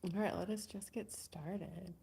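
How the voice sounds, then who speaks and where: A woman hosting a live spiritual coaching stream in a casual, soft-spoken way, sometimes dropping to a whisper. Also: medium pitch, fairly even intonation, a little slow, creaky, a little hiss or hum. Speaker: host.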